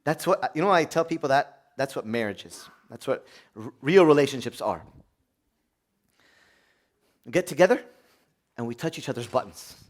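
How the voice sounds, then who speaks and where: A man, a priest, preaching a sermon in a conversational way, asking the audience questions and swinging from hushed prayer to loud exclamation. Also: medium pitch, lively intonation, moderate pace, long pauses.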